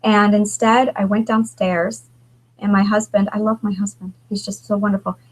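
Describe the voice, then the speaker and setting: A woman in her thirties speaks as a guest author in a candid conversation. She halts and restarts often as she talks. Her pitch sits in the middle range. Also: flat delivery, low-quality recording. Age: 30s. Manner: halting, emotional, many restarts.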